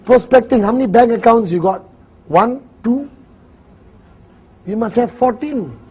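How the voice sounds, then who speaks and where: Malaysian man, seminar trainer, lively and jokey, high husky voice. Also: measured pace. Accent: Malaysian English. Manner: animated, jokey, acts out little dialogues. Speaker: network marketing trainer. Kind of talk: live seminar talk.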